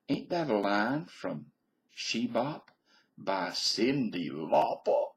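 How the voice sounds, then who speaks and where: A man's voice: fairly low pitch, big pitch swings, slow, rough recording. A man in his fifties from Virginia, rambling casually through a solo vlog and playfully switching between put-on accents. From Virginia, US South. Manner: chatty and meandering, plays with different put-on accents. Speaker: vlogger.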